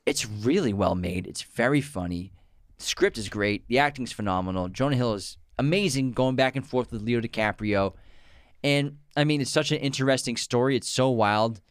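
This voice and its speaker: A man's voice: mid-range voice, moderate pace, no room sound. Guy cohosting a movie podcast, laughs a lot, dry close sound. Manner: laughs often, quotes movie lines. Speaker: podcast co-host. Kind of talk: casual chat about films.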